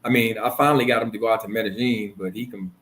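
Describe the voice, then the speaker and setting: A man, casually chatting and telling stories, swearing freely and jumping into higher voices when quoting people. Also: fast. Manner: animated storytelling, swears freely, acts out quoted lines in a higher voice. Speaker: streamer host. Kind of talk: casual chat.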